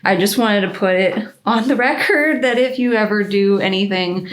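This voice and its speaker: A woman's voice: medium pitch, moderate pace. A woman vlogger chatting casually to the camera in her home studio, rambling in an anxious, chatty way.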